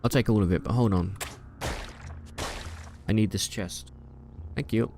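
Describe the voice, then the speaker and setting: A man's voice: on the low side, unhurried, creaky, warm tone, a little hiss or hum. A young man giving casual, playful gameplay commentary, joking and trash-talking the enemies he fights. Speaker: gaming YouTuber.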